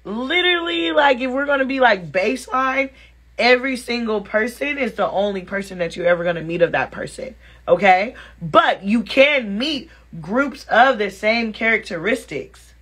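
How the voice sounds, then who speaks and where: A woman vlogger telling her viewers a dating story in a casual, animated, sassy and blunt way. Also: on the high side, moderate pace, breathy edge.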